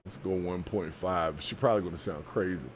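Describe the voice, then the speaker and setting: A man's voice: low voice, brisk, a little hiss or hum. A man hosting a live stream, giving wry, chatty commentary as he reacts to a video clip.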